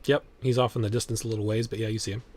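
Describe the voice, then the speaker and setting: A man's voice: on the low side, flat delivery, rapid-fire, darkish tone. A man running a tabletop game as game master, narrating casually with frequent laughs and loose restarts.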